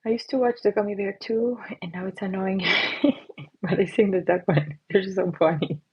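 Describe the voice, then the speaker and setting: A woman's voice: medium pitch, steady tone, normal speed, breathy edge, muffled recording. A middle-aged woman hosting a casual livestream while she paints, chatty and playful, slipping into silly voices and whispers. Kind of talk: casual live-stream chat while painting. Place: at her painting desk.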